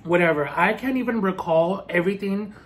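A man vlogging a personal storytime as he eats, earnest and halting, with many restarts. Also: high voice, fairly bright tone, a little hiss or hum. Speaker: food vlogger. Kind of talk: storytime while eating.

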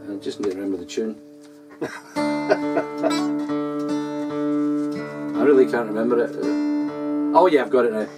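A man's voice: medium pitch, takes it slowly, pauses often, over loud music. A Scottish man hosting an online folk gig, chatting casually and a little self-deprecatingly between songs. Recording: voice from a distance off the mic.

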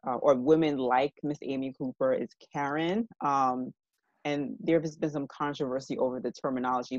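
A woman giving an evening university lecture in a measured, explanatory way, often checking in with her listeners. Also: sits low, darkish tone, no echo, highs cut off.

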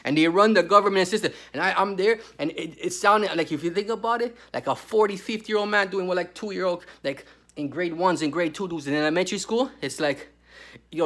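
A man's voice: a little high, a bit bright. Profane, ranting man telling a story. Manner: crude, heated, peppered with "bro". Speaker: vlogger telling a prison story.

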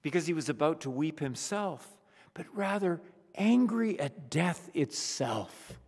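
A man's voice: fairly high pitch, measured pace, husky. Man preaching a funeral sermon in a reverberant church. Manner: expressive preaching, drops to a hushed near-whisper on solemn words. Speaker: pastor. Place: church sanctuary.

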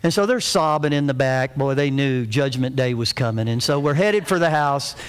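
A man's voice: medium pitch, expressive, normal speed, smooth. A middle-aged man preaching a sermon as pastor, telling a family story in a folksy, humorous way.

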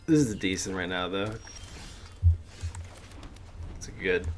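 A man's voice: low voice, lively intonation, slow pace, soft background music. A man giving casual commentary while playing a card game, chatty and talking to the game with lots of "dude". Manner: chatty, pleads with the game, says dude a lot. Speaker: gameplay streamer.

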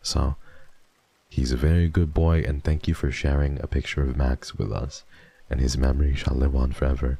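Very deep-voiced male streamer, dry mic. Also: steady tone, normal speed, vocal fry, breathy edge, no room sound. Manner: rambling, repeats himself, soft and affectionate about dogs. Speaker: streamer host. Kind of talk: casual livestream chat.

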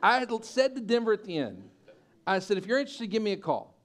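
A man preaching a sermon as pastor, telling a story with lively acted-out quotes and loud peaks. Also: sits high, brisk. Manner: animated storyteller, acting out quoted voices and building to loud peaks. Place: church.

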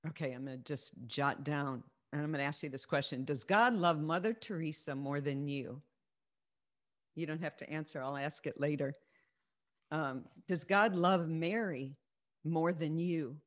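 A woman's voice: low voice, normal speed. A woman leading a Christian teaching on a video call, sharing her testimony earnestly and repeating key phrases for emphasis. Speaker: faith group teacher.

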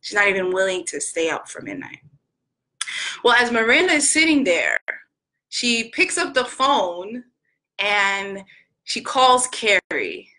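A woman vlogger talking in an earnest, gentle way, retelling a scene and acting out its quoted lines. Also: mid-range voice, big pitch swings, unhurried, pauses often, rough recording. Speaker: inspirational vlogger. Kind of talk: heartfelt storytelling monologue.

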